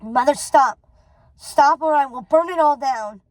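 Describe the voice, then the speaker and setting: A woman voicing a desperate young witch daughter who pleads and shouts urgently, reading a storybook aloud. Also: high-pitched, a little slow, dry recording.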